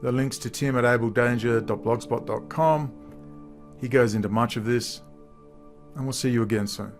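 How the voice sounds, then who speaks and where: A man's voice: mid-range voice, fairly even intonation, normal speed, soft background music. A man giving political commentary, reading quotes aloud and laughing at them mockingly. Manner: mocking, laughs at what he reads.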